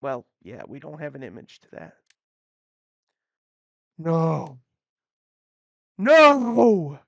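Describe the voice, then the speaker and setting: A woman's voice: a bass voice, animated, a little fast, vocal fry, a little mellow, no room sound, highs cut off. A woman giving casual, offhand commentary with wry asides while playing through a game. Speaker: let's-play gamer. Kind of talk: casual commentary over gameplay.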